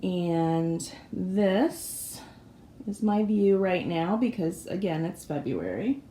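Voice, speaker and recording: Raspy, hoarse woman in her forties. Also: fairly low pitch, lively intonation, slow pace, mellow, a little hiss or hum. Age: 40s. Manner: chatty and apologetic, with frequent fillers. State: hoarse from allergies. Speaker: vlogger giving a craft room tour. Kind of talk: casual home tour chat. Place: craft room and home office indoors.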